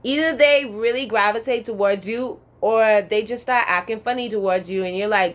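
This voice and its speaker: A woman's voice: on the high side, expressive, moderate pace, a bit bright. A woman giving a casual pick-a-card tarot reading in a sassy, profane, emphatic way, drawling words for emphasis and tagging lines with "okay?".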